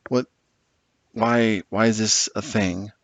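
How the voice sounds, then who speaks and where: Speaking slowly in a fairly low voice with fairly even intonation and no echo, a man works through a tabletop wargame army list. The commentary is casual, sarcastic and exasperated, with swearing here and there.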